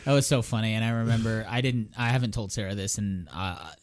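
A man's voice: on the low side, fast. A man chatting on a podcast, enthusiastic and rambling with plenty of fillers. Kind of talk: casual chat.

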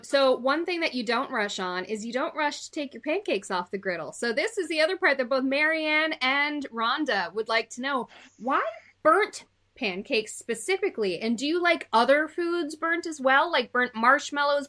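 A woman's voice: sits high, expressive, moderate pace, bright, forceful tone. A woman hosting an online interview and asking listener questions in a friendly, casual way. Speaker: host.

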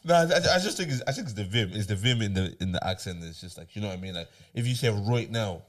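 A man's voice: fairly low pitch, expressive, rapid-fire. A man co-hosting a casual chat, who laughs a lot and starts his sentences over. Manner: laughs often, hesitant restarts, mimics accents.

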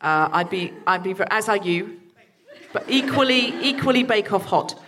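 A woman hosting a comedy podcast, reading show plugs and joking with her co-host in a brisk, playful way. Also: mid-range voice, lively intonation, a crowd in the background.

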